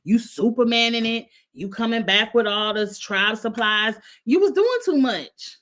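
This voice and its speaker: A woman reviewing a reality show in a chatty, animated way, often laughing as she talks. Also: on the high side, measured pace. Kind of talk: casual chat.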